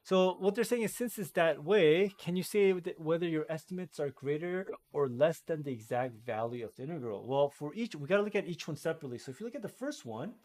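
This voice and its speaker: A man's voice: a little high, animated, fairly quick, few pauses, a little mellow. A man teaching a math lesson, thinking aloud as he works through problems and corrects himself, while hiccuping. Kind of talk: screen-recorded math lesson.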